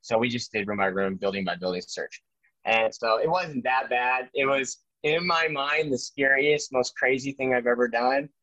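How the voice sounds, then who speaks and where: A man recounts his army days in a loose, animated way, stumbling and restarting as he goes. The recording sounds muffled and lo-fi. The room adds almost no echo. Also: medium pitch, normal speed. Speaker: army veteran guest. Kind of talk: casual storytelling interview. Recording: dry, dull lo-fi sound.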